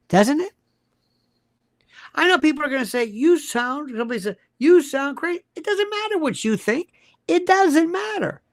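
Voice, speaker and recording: A man's voice: dry recording, studio quality. An older man hosting political commentary, ranting in a blunt, crude and mocking way. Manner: blunt, crude and mocking, shifts pitch a lot.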